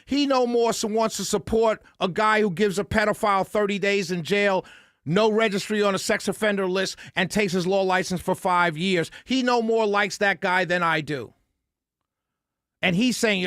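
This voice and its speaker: A man with a strikingly high voice rants off the cuff as a political commentary host. He is exasperated and incredulous, stammers through repeated words, and scoffs with short laughs. The sound is close and dry, with no room around it. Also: moderate pace, a bit bright, no echo.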